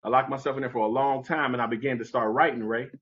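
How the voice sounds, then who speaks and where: His tone is steady, fast and a bit bright as this podcast guest tells an animated story from his youth. He performs the quoted voices with big pitch jumps, and the recording is muffled.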